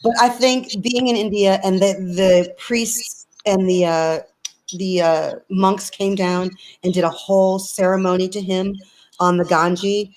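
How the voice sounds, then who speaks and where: A woman's voice: medium pitch, steady tone, unhurried, a little mellow, a little hiss or hum, low-quality recording. Female interview guest, earnest storyteller, video call sound. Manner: earnest, storytelling, many restarts. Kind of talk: casual conversation.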